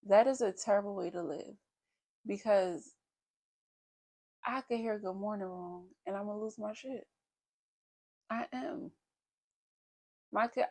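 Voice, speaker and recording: A woman's voice: on the high side, gravelly, darkish tone. A woman in her thirties, a vlogger talking candidly and bluntly to her viewers in a casual confessional style. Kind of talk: casual confessional vlog talk.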